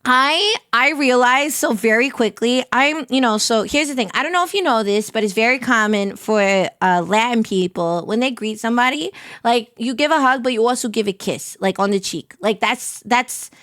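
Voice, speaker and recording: A woman streamer in casual, rambling chat with her viewers, excitable and heavy on filler words. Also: a little high, moderate pace, hardly any pauses, no echo, clean studio sound.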